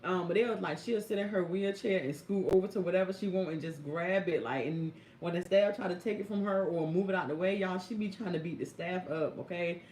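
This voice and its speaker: A young woman caregiver telling stories on a live stream, speaking AAVE and talking to viewers in a lively, chatty way. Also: lowish voice, fairly quick, few pauses, slight background noise. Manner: animated, chatty, addresses viewers as y'all and baby. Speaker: caregiver vlogger. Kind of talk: casual live-stream storytelling. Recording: echoey room.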